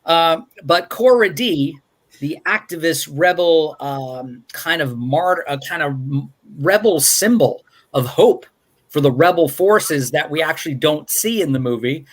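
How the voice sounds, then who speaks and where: A man with a somewhat high voice hosts a laid-back movie review live stream over a video call. He rambles wryly through the story, stopping often for fillers and restarts. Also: expressive, a little slow. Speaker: movie review show host.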